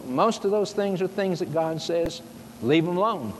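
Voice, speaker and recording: A man's voice: sits high, lively intonation, normal speed. A man preaching a sermon, explaining scripture with emphatic rhetorical questions put to his listeners. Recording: long hall reverb, faint noise.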